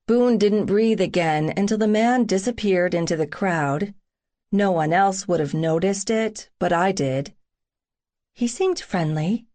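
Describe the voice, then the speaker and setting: A woman narrating a first-person romance audiobook in an intimate, wry, unhurried reading. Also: medium pitch, animated, darkish tone.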